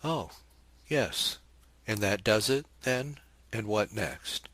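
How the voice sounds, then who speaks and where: A man's voice: lowish voice, lively intonation, takes it slowly, fairly bright tone, no echo, pitched above the performer's own voice. A man reading aloud as a poised young wife who asks lightly mocking questions and keeps her husband in check. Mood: mock surprise. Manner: light, coolly teasing questions.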